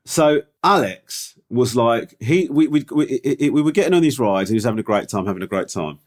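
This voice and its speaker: A middle-aged man spins a story in loose podcast banter. His voice leaps up and down with lively pitch as he stumbles through restarts and fillers. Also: a little fast. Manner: animated, rambling with restarts and fillers. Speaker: podcast co-host. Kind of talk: casual storytelling chat.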